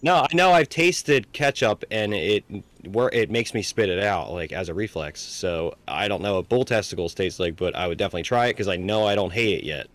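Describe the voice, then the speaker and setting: A man co-hosting a podcast, chatting casually and telling stories with animated, self-mocking delivery. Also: on the low side, brisk, hardly any pauses. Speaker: podcast co-host. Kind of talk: casual chat.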